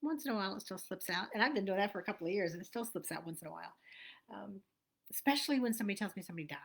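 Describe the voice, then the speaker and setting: A woman's voice: mid-range voice, lively intonation, rapid-fire, vocal fry, breathy edge. A woman, host of a casual motivational vlog, talking in a chatty, meandering way and often correcting herself. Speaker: host, abundance coach.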